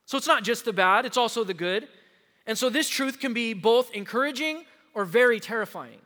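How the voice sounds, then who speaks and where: A man pastor preaching a sermon to his congregation, emphatic and slowing down to stress key words, recorded in a church sanctuary. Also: very high-pitched, expressive, bright, forceful tone. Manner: addresses the congregation directly. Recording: long hall reverb.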